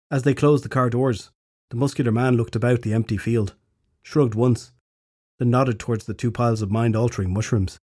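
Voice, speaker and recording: A man narrates a fantasy story in a steady, measured way. His voice is mellow and husky, and it sits at a middle pitch. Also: dry recording, clean studio sound. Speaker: audiobook narrator. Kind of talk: scripted narration.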